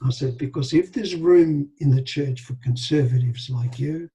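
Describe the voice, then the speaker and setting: An older man, telling animated anecdotes with quoted dialogue as an interview guest. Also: fairly high pitch, moderate pace, poor audio. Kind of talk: storytelling in a casual interview.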